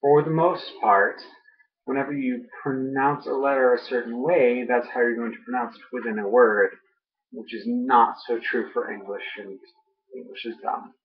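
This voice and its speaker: A man's voice: mid-range voice, steady tone, normal speed. A young man vlogging casually, groggy after dental work, rambling with many ums and uhs. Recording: muffled lo-fi home audio.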